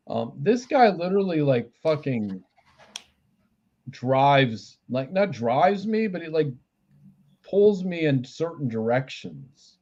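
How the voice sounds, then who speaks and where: A man doing a live spiritual reading, his mid-pitched voice slightly dull and lo-fi. He rambles, restarts his sentences and swears casually as he passes on messages. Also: very animated, takes it slowly, long pauses, darkish tone. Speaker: spiritual reader and healer.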